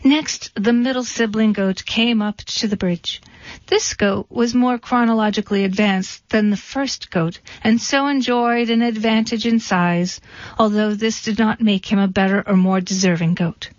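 A woman reading a storybook in a dry, deadpan way. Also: medium pitch, normal speed, no echo. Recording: dull, dry recording.

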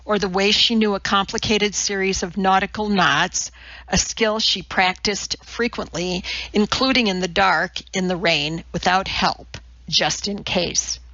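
A woman narrating a novel in a measured, even reading. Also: medium pitch, dry recording, highs cut off. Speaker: audiobook narrator. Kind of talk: scripted narration.

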